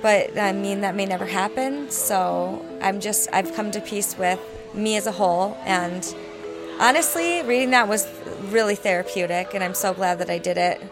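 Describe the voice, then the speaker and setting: A woman being interviewed backstage, talking earnestly and thoughtfully with pauses. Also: mid-range voice, over music. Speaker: interview guest.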